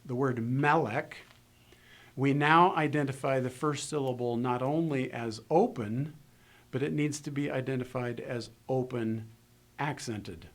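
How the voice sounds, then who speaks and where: A man teaching a recorded lesson on Hebrew, explaining steadily and slowing down to sound out Hebrew words. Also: mid-range voice. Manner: methodical, slows down to pronounce Hebrew words. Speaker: Hebrew instructor. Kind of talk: recorded lecture.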